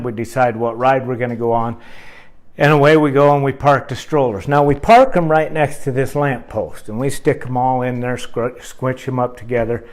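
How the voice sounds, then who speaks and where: A man telling a rambling, animated story to his camera in a casual vlog. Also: mid-range voice. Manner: animated, rambling, with fillers and asides.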